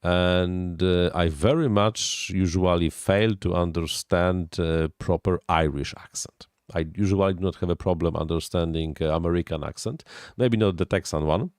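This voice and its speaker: A man who is not a native English speaker, hosting a casual live stream and answering viewer questions with halting technical explanations. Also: low-pitched, fairly even intonation, a little mellow, smooth, dry recording, clean studio sound.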